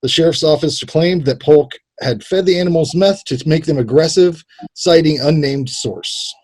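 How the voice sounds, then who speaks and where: A man's voice: fairly high pitch, moderate pace, a little mellow, breathy edge. A man co-hosting a casual comedy podcast, reading odd news headlines, laughing often and slipping into joking drawls. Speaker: podcast co-host.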